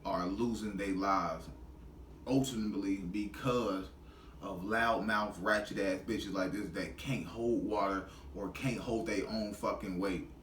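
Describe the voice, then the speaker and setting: A man's voice: fairly low pitch, reverberant, far from the mic, a little hiss or hum. A man giving a heated, profane reaction commentary in blunt street slang.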